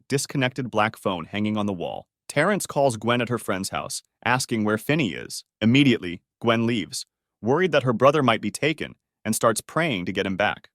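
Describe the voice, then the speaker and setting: A man narrating a film plot in a steady, scripted retelling. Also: lowish voice, no room sound, studio quality. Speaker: movie recap narrator.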